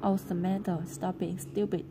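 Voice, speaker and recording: A woman's voice: lowish voice, little pitch movement, normal speed, noisy background, natural voice. A woman reading the part of a cross, curt mother in a storybook.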